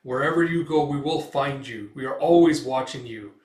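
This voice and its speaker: A man's voice: medium pitch, normal speed, a little mellow, close to an everyday voice. A man doing menacing evil spirits. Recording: echoey room, mic set back.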